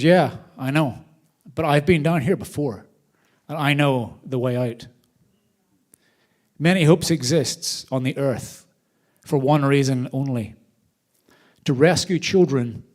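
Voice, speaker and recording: A man addresses a crowd from a theater stage at a charity gala. His voice sits at an ordinary pitch, and he tells stories with energy, getting loud for punchlines and dropping soft for thank-yous. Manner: animated storyteller, varied loudness. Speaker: charity host. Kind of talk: live event speech.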